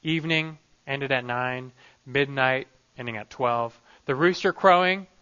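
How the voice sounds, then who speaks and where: A man's voice: medium pitch, unhurried, pushed and bright, smooth, highs cut off. A man preaching a sermon on a Bible passage, emphatic and full of rhetorical questions.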